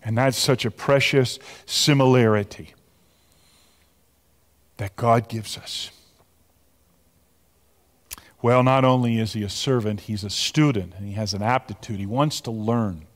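A man preaching a sermon as pastor, animated, repeating words as he builds to a point. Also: medium pitch, normal speed, hardly any pauses. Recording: long hall reverb.

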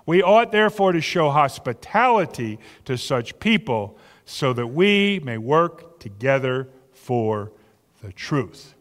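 A man's voice: medium pitch, very animated, slow pace, fairly bright tone. A man preaching a sermon as pastor, earnest and conversational, often repeating words as he goes. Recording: long reverb of a large hall.

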